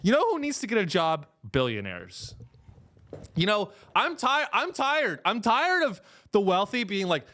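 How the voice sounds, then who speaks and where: A man hosting a comedy podcast, ranting in an animated way and keeps slipping into mocking impressions of other people. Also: high voice, a little slow.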